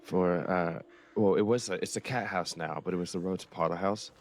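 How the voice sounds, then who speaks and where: A man's voice: deep voice, fairly even intonation, normal speed, soft background music. A man chatting in character in a western roleplay game, telling a laid-back, profane anecdote.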